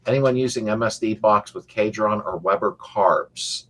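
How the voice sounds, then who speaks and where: A man's voice: lowish voice, normal speed, a bit bright, breathy edge. A middle-aged man hosting a casual live-stream chat, rambling and joking as he reads viewer comments aloud. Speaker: host of a car restoration channel live chat.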